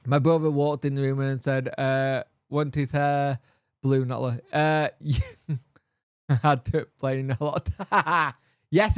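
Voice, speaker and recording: Rambling man, slightly high voice. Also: smooth, no room sound, clean studio sound. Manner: rambling, thinking aloud with many fillers. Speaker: football fan channel host. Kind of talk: casual live-stream chat.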